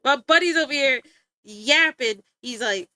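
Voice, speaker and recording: A woman's voice: high-pitched, unhurried, sharp tone. A young woman streaming, chatting casually and rambling, easily sidetracked and giggling as she talks to her chat and friends.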